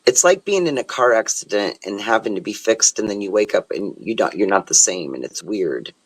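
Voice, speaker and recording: A man's voice: lowish voice, expressive, a little fast, husky, low-quality recording. A middle-aged host in casual chat, talking in a sympathetic, rambling way about his own experience.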